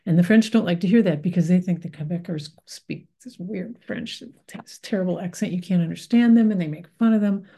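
A woman's voice: on the low side, brisk, hardly any pauses, dark tone, breathy edge. Meandering, thoughtful American woman. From United States. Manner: thoughtful, meandering, many fillers and restarts. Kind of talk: reflective spiritual talk.

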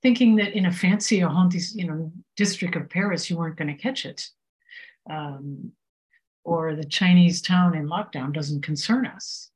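A woman with a fairly low voice gives a reflective spiritual talk. She speaks unhurriedly, pausing often and filling gaps with soft fillers as she thinks aloud. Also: poor audio. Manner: unhurried, many pauses and fillers. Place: Paris.

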